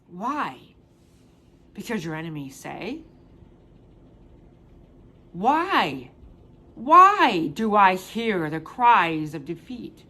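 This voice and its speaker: A woman delivering a prophetic proclamation in the first person as God, with emphatic, drawn-out declarations and repeated rhetorical questions. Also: high voice, bright, forceful tone.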